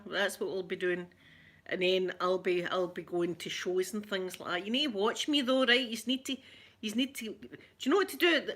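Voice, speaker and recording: This ASMR livestream host, a middle-aged woman from Scotland, has a mid-range voice with a fairly bright tone. She chats easily with her live audience, welcoming people by name and laughing a lot.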